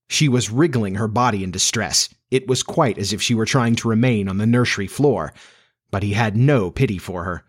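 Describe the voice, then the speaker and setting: A man reading a classic children's story aloud as narrator, measured and expressive. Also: lowish voice.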